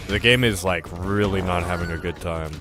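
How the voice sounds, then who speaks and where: A man's voice: low voice, fairly quick. A man streaming a video game, reacting with swearing and frequent laughter. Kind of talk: gaming livestream commentary. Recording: game music underneath.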